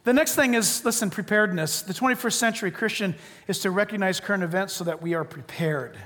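High-pitched american guy preaching, keeps repeating himself, punchy, echoey big hall. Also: fast talker, fairly bright tone. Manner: emphatic, repetitive, punchy short phrases. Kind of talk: sermon. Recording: long reverb of a large hall.

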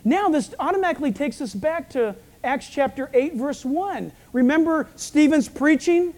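A male pastor with a croaky, frog-like voice, preaching a sermon with storytelling asides. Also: extremely high pitch, animated, normal speed, darkish tone.

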